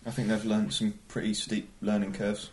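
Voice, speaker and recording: A man hosting a casual podcast chat, lively and swearing freely. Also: lowish voice, normal speed. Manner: lively, swears, laughs often. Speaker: podcast host.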